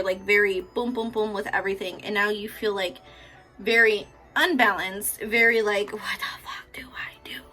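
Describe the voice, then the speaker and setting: Bright-voiced woman giving a tarot reading. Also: a little high. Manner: chatty, profane and affectionate, laughs often. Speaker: tarot reader. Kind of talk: casual pick-a-card tarot reading.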